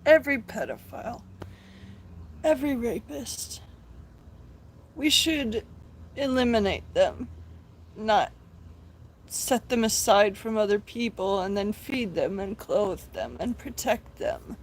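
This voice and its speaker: Young woman, live-stream host: earnest, preachy, pleading, slow-paced, fairly high voice. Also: a little hiss or hum, rough recording. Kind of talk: impassioned religious vlog talk.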